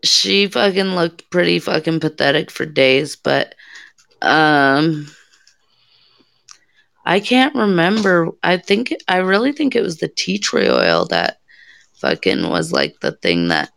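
A young adult woman talks slowly through a casual co-hosted chat, her voice gravelly and low-energy. She swears often and trails off mid-sentence, recorded dry and close. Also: very animated, a bit bright, dry recording. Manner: swears a lot, trails off and restarts. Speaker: co-host.

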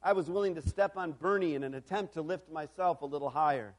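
A man preaching a sermon in a storytelling style, moving from quiet reflection to loud, emphatic calls. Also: a little high, fast talker.

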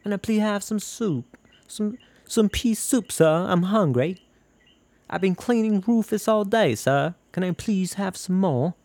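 High whiny starving servant begging for soup, sir sir sir, a guy putting it on. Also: expressive, a little slow, darkish tone, no room sound. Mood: pleading. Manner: pleading, whiny. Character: meek hungry servant begging for more soup.

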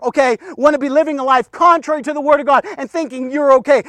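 A man preaching a devotional sermon, emphatic and full of rhetorical questions and "okay?", swinging between loud urging and hushed low talk. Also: a little fast, few pauses, no echo, clean studio sound.

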